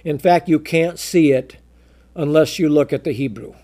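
A man preaching a verse-by-verse Bible sermon, drawing out scripture quotes slowly and emphatically, often repeating words and restarting sentences. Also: fairly high pitch, dark tone. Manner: emphatic, slow, drawn-out quoting of scripture.

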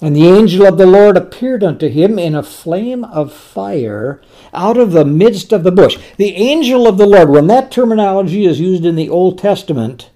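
A man preaching a sermon, slow and emphatic, repeating words for stress. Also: sits high, expressive, mellow.

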